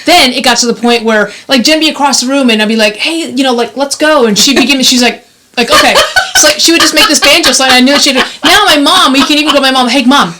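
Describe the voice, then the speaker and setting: A woman's voice: high-pitched, rapid-fire, a little hiss or hum. A woman co-hosting a podcast in casual chat, telling stories and acting out the lines she quotes. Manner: animated storyteller, acts out quoted lines. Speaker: podcast co-host.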